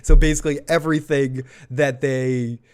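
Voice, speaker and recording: A man with an average-pitched voice hosts a live discussion right after an episode airs. He talks in an excited, rambling stream, circling back and repeating himself, with casual swearing. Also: normal speed, clear, resonant tone. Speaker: show host. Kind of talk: live episode review chat.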